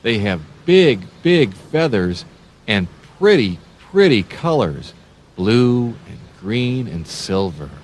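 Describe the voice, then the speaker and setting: A man hosting a children's read-along, talking slowly with sing-song emphasis and playful animal sounds. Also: fairly low pitch, very animated. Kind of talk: slow, animated reading to young children.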